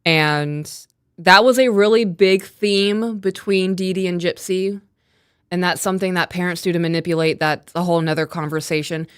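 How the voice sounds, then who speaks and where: Woman host, low-ish smooth voice, dry close sound, casual case breakdown. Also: moderate pace, dry recording. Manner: reads quotes aloud, animated retelling. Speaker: podcast co-host. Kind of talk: casual true-crime breakdown.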